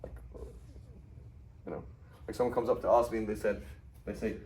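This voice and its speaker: A man with a low, mellow voice gives a class lecture. He talks casually and checks in with his students by asking them questions. A faint background noise sits under the recording. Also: fairly even intonation, brisk, poor audio. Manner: conversational, asks the class questions. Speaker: Arabic teacher.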